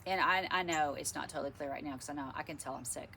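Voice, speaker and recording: A woman's voice: sits low, fast, gravelly, sharp tone, slight background noise. A middle-aged woman with a stuffy, congested voice, chatting frankly and ramblingly to camera in a casual vlog. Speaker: vlogger.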